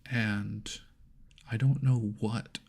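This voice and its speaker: A man hosting a whispered ASMR chat into an ears mic, soft and rambling, laughing at himself. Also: fairly low pitch, fairly even intonation, drawn-out words, creaky, slightly rough. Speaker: ASMR channel host. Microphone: homemade binaural ears mic.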